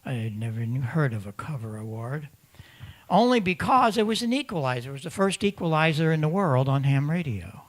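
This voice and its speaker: Man, emphatic conference presenter with a higher voice, punchy delivery into a handheld mic. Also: a little fast. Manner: animated, emphatic, repeats words; acts out voices of other hams. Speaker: presenter at a ham radio symposium. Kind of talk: lively conference talk. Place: conference room in front of an audience.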